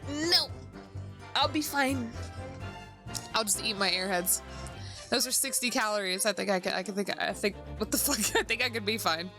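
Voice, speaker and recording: A woman's voice: mid-range voice, normal speed, pauses often. A young adult woman chatting casually and swearing freely while streaming a game, over background music.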